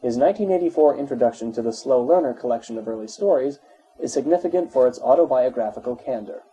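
Dark, husky male narrator. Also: mid-range voice, quick pace, low-quality recording. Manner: steady, even reading, spells out dates in full. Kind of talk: reading an encyclopedia article aloud.

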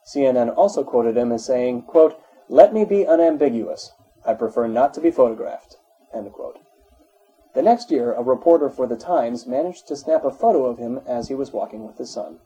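A man's voice: mid-range voice, expressive, brisk, dark tone, slightly rough, poor audio. A man steadily reading an encyclopedia article aloud, spelling out dates in full. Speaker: narrator.

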